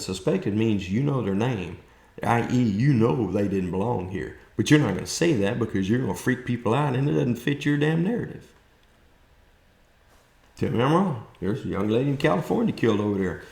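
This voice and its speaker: A man's voice: mid-range voice, vocal fry, a little mellow, echoey room. A man with a South Texas accent giving a blunt, folksy, fired-up opinion monologue. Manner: blunt, folksy, fired-up ranting with mocking quoted voices. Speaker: political commentator vlogger.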